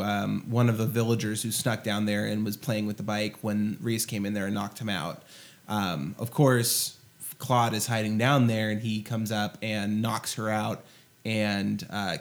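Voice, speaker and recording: A man co-hosting a casual movie podcast, retelling the plot with lots of fillers and pauses. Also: on the low side. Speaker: podcast co-host. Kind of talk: casual movie review chat.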